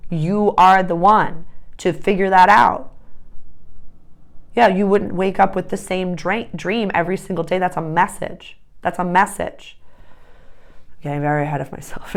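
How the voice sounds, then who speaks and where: A woman with a somewhat low voice talks through astrology and tarot in a casual vlog. She is emphatic and enthusiastic, drifting into rambling asides as she goes. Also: creaky. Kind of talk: casual spiritual vlog talk.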